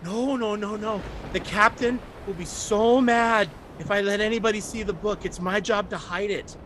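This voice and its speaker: A man's voice: high-pitched, steady tone, brisk, sharp tone, slight background noise, voice pushed up. A man voicing a timid, frightened young boy who stammers anxiously. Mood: scared, pleading.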